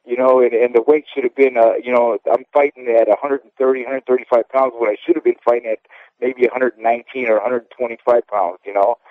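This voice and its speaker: Over a thin, phone-like line with a dry, close sound, a man in his fifties rambles candidly through his memories. His voice sits at an ordinary middle pitch, and he keeps tagging his points with little check-ins to the listener. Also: steady tone, a little fast, dry recording. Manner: candid and rambling, often tags "okay?". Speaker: interview guest, former boxer. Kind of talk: casual phone interview.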